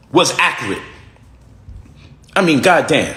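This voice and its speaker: A man's voice: medium pitch, lively intonation, moderate pace, a bit bright, reverberant. A man making an emphatic recorded statement and repeating key phrases for effect.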